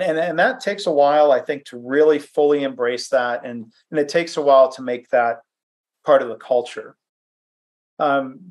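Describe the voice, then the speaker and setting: Brief: man presenting a webinar from his home office, easygoing and self-deprecating, mid-range voice. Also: medium pitch. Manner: conversational, self-deprecating, with fillers and restarts. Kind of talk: presentation with anecdotes.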